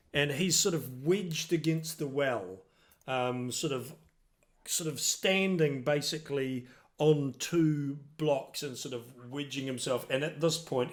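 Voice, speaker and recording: A man runs a tabletop game as game master, describing scenes in a slow, halting way full of ums and restarts. His voice sits at a middle pitch. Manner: hesitant, many ums and restarts.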